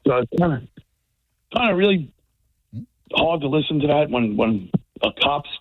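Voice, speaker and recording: A man calls in to a radio show on a dry, tinny phone line, his voice sitting a little high. He talks casually and rambles from point to point. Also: lively intonation, moderate pace, no room sound. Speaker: caller. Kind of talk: call-in radio talk.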